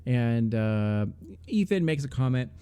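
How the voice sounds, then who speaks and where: A man's voice: mid-range voice, lively intonation, a little slow, mellow, clean tone. A man narrating a tabletop game as game master, rambling with many fillers.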